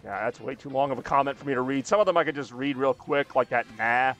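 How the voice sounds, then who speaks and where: A man's voice: medium pitch, quick pace, a bit bright, soft background music. A young man streaming a racing game, chatting loosely, joking and reacting to comments from his chat. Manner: rambling, jokey, reacting to chat.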